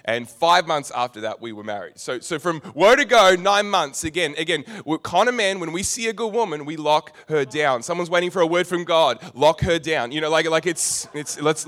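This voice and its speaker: Animated man preaching a sermon. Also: fairly high pitch, normal speed. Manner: storytelling, animated, with humorous asides.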